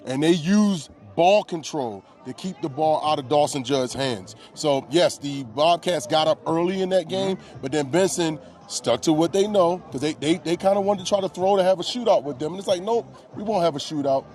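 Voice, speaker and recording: A man's voice: on the high side, normal speed, hardly any pauses, darkish tone. Coach-like man calling a football game. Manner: knowledgeable, coach-like analysis with folksy phrases. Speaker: color commentator. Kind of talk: live sports commentary.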